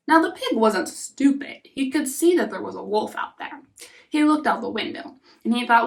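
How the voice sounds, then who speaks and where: A woman narrating a fairy tale softly, often dropping into a whisper. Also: high-pitched, animated, gravelly, far from the mic. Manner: soft, often whispering, unhurried. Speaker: storyteller. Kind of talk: storybook narration.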